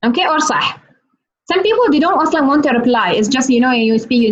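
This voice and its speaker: A woman teaching a live online lesson over a video call, playful and teasing, repeating words slowly. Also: high-pitched, expressive, a bit bright. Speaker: Arabic teacher. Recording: muffled video call audio.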